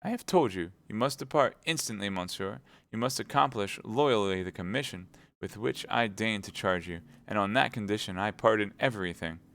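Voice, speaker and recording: A man's voice: fairly low pitch, lively intonation, normal speed, vocal fry, hardly any pauses, a bit bright, no echo. A man reading aloud, voicing a spirited young woman scolding her husband in a raised, indignant voice. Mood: commanding.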